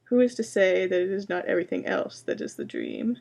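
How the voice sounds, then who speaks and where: A woman voicing an ancient, towering male tree monster who speaks slowly and grandly, rising to a roar. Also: medium pitch, wildly swooping pitch, creaky, a little mellow, full character voice. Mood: ominous.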